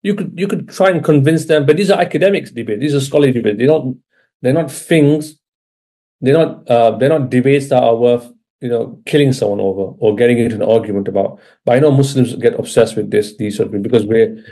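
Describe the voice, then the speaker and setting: A British Islamic religious teacher delivers an informal lecture in a warm, mid-range voice. He talks conversationally and keeps checking in with his listeners.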